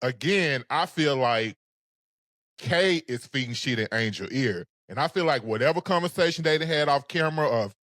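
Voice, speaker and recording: A man co-hosting a casual recap show, talking in a sassy, animated way. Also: medium pitch, normal speed, no echo, clean studio sound. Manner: sassy, animated, sings phrases. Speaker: podcast co-host.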